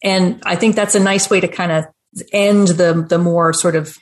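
A woman's voice: fairly low pitch, fairly even intonation, moderate pace. A woman who consults and teaches, giving a friendly, explanatory talk in a webinar conversation. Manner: explanatory, friendly, laughs now and then. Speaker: restaurant business consultant and educator.

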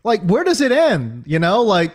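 A man's voice: sits high, huge pitch swings, moderate pace, husky. A man talking sports casually as a podcast co-host, ranting with lots of fillers and repeated words. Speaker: fantasy football podcast co-host.

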